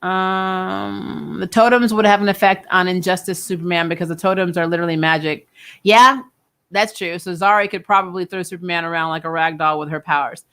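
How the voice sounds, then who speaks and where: A woman's voice: on the low side, steady tone, a little fast, a bit bright. A young adult woman hosting a casual live-stream chat about TV shows, talking loosely, laughing often and trailing off mid-sentence. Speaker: host of a TV review channel.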